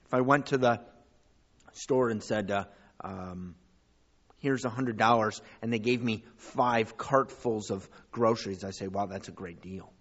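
A man preaching a sermon as pastor, rising to loud, high calls and dropping to quiet asides. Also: unhurried, lo-fi sound. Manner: preaching with big swings in pitch and loudness.

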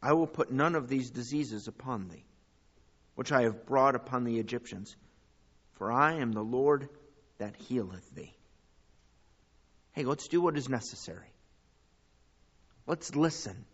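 A man preaching a sermon as pastor, rising to loud, high calls and dropping to quiet asides. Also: expressive, measured pace, pauses often, lo-fi sound. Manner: preaching with big swings in pitch and loudness.

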